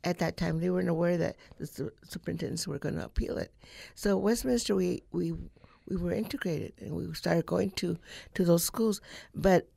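A woman in her eighties from California, a radio interview guest recounting childhood memories in a reflective, halting way. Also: on the low side, creaky, mellow, no room sound. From California, United States. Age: 80s. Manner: storytelling, reflective, halting with fillers. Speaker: guest, civil rights activist.

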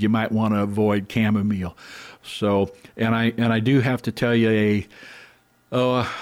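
A middle-aged man hosting a gardening talk, folksy and rambling with lots of fillers and restarts. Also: mid-range voice. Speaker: gardening show host.

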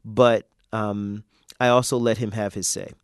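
A man's voice: on the low side, fairly even intonation, measured pace, smooth, dry recording, clean studio sound. A man speaking in a casual interview, loose and hesitant, with many fillers and restarts. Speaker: poet and interview guest. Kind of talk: casual interview talk and poetry performance.

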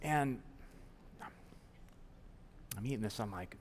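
Man, 40s, from the American South, live stage storytelling, self-mocking, very lively pitch, long theater reverb. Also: moderate pace. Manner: animated, self-mocking, acts out quoted people. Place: large theater stage before an audience.

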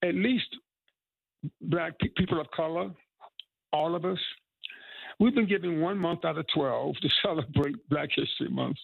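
A man's voice: a little high, vocal fry, slightly rough, no room sound, narrow, tinny audio. A man in his eighties from North Carolina, telling heartfelt stories in an earnest interview. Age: 80s. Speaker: musician and activist.

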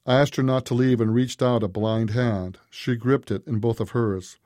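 A man reading a story aloud as narrator, in a measured, even way. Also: medium pitch, no echo, studio quality. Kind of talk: scripted narration.

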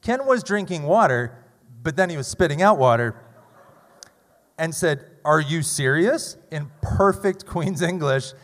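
A man in his thirties telling a funny, self-deprecating story live on stage at a story slam, with loud bursts. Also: on the high side, lively intonation, measured pace, pauses often. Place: large theater stage. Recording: long hall reverb.

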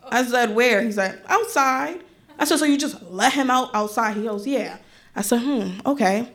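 She's a young adult performing a comic personal story for an audience, bursting with energy as she imitates how her relatives talk. Her pitch runs fairly high, and she speaks at a normal speed.

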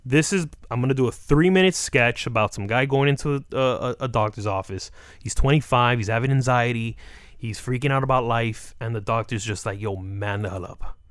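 A man in a casual interview, telling comic stories and slipping into short acted-out quotes. His pitch sits in the middle and jumps around. The sound is dry and close. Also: brisk, smooth, no room sound. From South Florida. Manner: animated, acts out quotes with laughs. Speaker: comedian guest.

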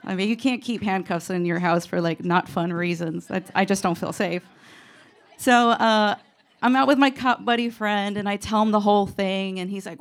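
Woman with a gravelly voice telling a funny ghost story, rambly, lotsa likes. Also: medium pitch, normal speed. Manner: rambling, self-mocking, lots of fillers. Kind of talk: comedic storytelling.

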